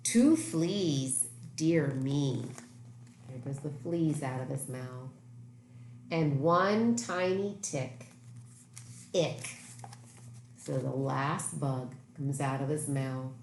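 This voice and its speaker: A woman reading a picture book aloud to children, animated and exclaiming as she points out the pictures. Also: a bass voice, drawn-out words, long pauses. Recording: echoey room with faint noise.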